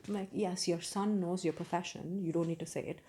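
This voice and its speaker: A woman's voice: on the low side, steady tone, brisk, warm tone, a little hiss or hum. A young woman giving a casual, candid book review, opinionated and full of fillers and restarts.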